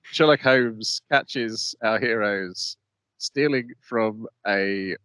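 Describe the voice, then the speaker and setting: A man's voice: lowish voice, slow pace, pushed and bright, no room sound. A man hosting an anime podcast, introducing each episode with wry questions in casual chat. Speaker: podcast host.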